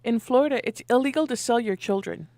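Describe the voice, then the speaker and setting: A woman co-hosts a morning radio show, joking and laughing often as she retells things with lively energy. Her voice sits fairly high. The studio microphone keeps it dry and close. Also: fast talker, no echo. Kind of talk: casual on-air chat.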